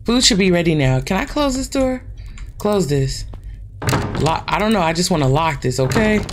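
A woman's voice: fairly low pitch, animated, normal speed, background noise. A woman hosting a gaming channel, chatting casually and swearing freely as she plays a horror game and talks straight to her viewers.

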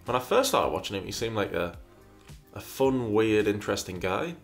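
Lowish-voiced man musing over viewer questions. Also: sing-song, moderate pace, soft background music. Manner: reads questions aloud, muses, repeats himself. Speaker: host answering viewer questions. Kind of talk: casual chat.

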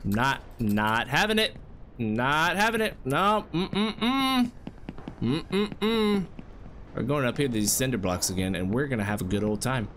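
A man doing let's-play commentary, anxiously coaching and scolding himself out loud, his voice jumping high under stress. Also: lively intonation, normal speed, a little hiss or hum. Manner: anxious self-talk, scolding and coaching himself through jumps. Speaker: gameplay commentator.

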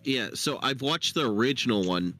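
A man's voice: medium pitch, animated, moderate pace, bright, forceful tone, faint music behind. A man talking casually on a live stream, hesitant, with lots of fillers and restarts. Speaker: podcast host. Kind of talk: casual chat.

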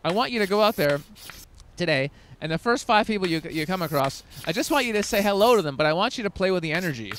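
Lively, high-voiced male dating coach. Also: fast talker, slight background noise. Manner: emphatic, swings into loud demos. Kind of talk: energetic coaching talk to camera.

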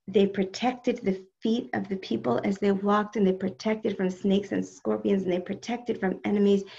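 This medium-pitched woman, with noticeable vocal fry, leads a live religious class online. She addresses listeners directly and expressively, responding to chat comments, though the video call audio sounds dull.

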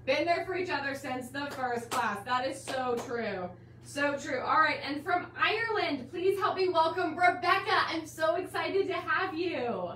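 A woman hosts a live online quilting class stream, bubbly and gushing as she welcomes viewers, calling them guys and my dear. Her high, slightly bright voice is animated and unhurried. The sound is roomy and slightly distant, with faint hiss in the background.

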